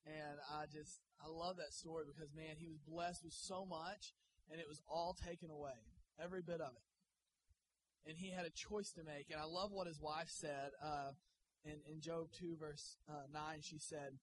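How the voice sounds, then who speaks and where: A man preaching a sermon in a church, joking and energetic. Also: on the high side, moderate pace, noisy background. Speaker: guest pastor. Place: church sanctuary.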